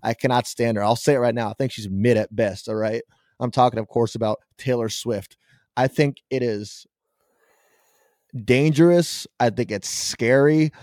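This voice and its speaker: A man's voice: medium pitch, moderate pace, darkish tone, no room sound, studio quality. A young man ranting profanely on a casual podcast, mocking people he dislikes in squealing put-on voices. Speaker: podcast host.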